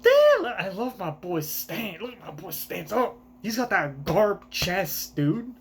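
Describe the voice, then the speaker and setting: Profane excitable reaction streamer, man. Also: high voice, slow, slight background noise. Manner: excitable, profane, rambling commentary. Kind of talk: casual live reaction.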